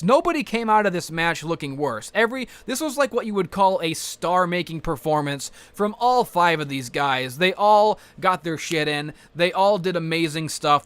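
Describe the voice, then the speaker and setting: A man giving a casual, rambling wrestling recap, profane and excitable. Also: high voice, no echo. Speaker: wrestling vlogger.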